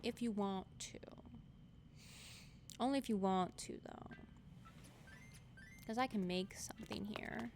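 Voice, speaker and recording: Chatting casually on her gaming stream, a young woman speaks slowly in a medium-pitched voice, pausing often. She giggles and reads chat out loud over background noise, and game music plays clearly in the background.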